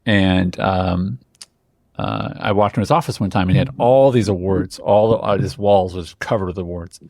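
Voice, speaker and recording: A man's voice: low-pitched, normal speed, gravelly, a little mellow, no room sound, studio quality. A man co-hosting a podcast in casual chat, telling stories and acting out quoted voices. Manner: storytelling, acts out quoted voices. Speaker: podcast co-host.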